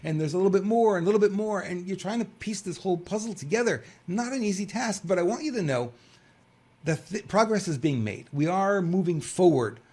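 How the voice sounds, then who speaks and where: A man's voice: high voice, lively intonation, a little fast, a little mellow, slightly rough. A man in his fifties from New York hosting a political commentary show, rambling and conversational with lots of fillers. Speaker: host.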